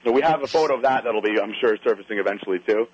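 Fast-talking husky man telling a story. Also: fairly low pitch, poor audio. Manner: animated, acts out the other people's lines. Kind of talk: casual storytelling chat.

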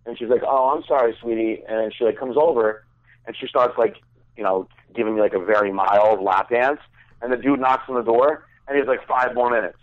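A man's voice: medium pitch, a little fast. A young man telling a crude, rambling story in casual chat, full of fillers. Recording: dry tinny phone-like sound.

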